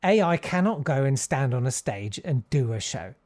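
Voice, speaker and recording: Middle-aged male comedian from Southeast London; posh, friendly voice, self-deprecating interview storyteller, mid pitch. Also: big pitch swings, moderate pace, darkish tone. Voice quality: friendly-sounding voice. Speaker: guest comedian. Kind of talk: casual interview chat.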